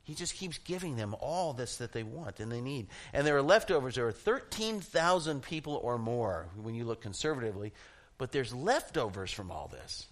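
A middle-aged man preaching a sermon, telling funny stories with animated energy and laughing at his own jokes. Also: mid-range voice, normal speed. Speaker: pastor.

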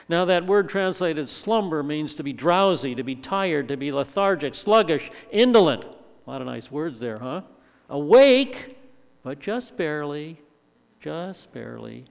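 A man's voice: fairly high pitch, vocal fry, long reverb tail. An older man teaching a verse-by-verse sermon, emphatic and fond of repeating words for stress. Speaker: preacher.

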